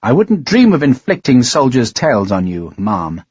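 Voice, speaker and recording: A man's voice: medium pitch, huge pitch swings, moderate pace, darkish tone, husky, no echo, lo-fi sound. A man doing a stiff, formal French captain.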